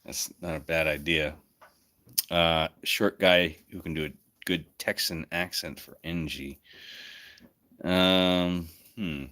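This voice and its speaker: A man with a deep voice talks at a slow, steady pace, his tone sharp. He's hosting a casual chat on his own livestream, joking around and thinking out loud as he goes.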